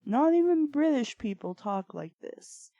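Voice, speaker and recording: Woman reading dumb fanfic out loud, deadpan snarky asides, dry close mic, slowish. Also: high-pitched, dry recording, lo-fi sound. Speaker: reader of bad fan fiction. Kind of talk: dramatic reading with sarcastic commentary.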